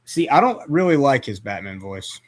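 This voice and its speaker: A man's voice: medium pitch, very animated, normal speed. A man hosting a casual movie chat, rambling with lots of fillers and restarts. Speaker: podcast host.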